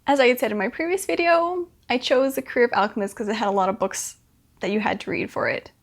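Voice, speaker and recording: Young woman, book vlogger, casual chat, fairly high pitch, upbeat. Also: expressive, fast. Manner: chatty, filler-heavy, upbeat.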